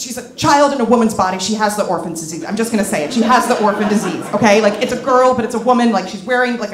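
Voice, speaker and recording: A woman telling a comic story on stage to a live audience, animated and candid, often laughing as she talks. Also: mid-range voice, echoey room. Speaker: comedic storyteller. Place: club stage before an audience.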